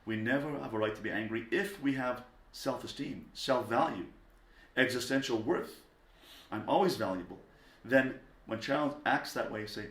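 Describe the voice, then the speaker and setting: A man, a rabbi, giving a parenting lecture in a calm, deliberate way, stressing single words. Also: medium pitch. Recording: echoey room.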